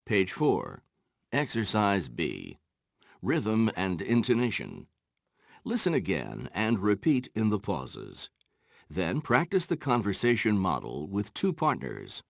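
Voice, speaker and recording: A man narrates a language course in a slow, careful, announcing way. His voice sits lowish with a gravelly edge. He swings widely in pitch, and the recording is dry and close. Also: huge pitch swings, no echo. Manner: measured, announcing page and exercise numbers. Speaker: narrator of textbook audio. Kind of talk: scripted instructional narration.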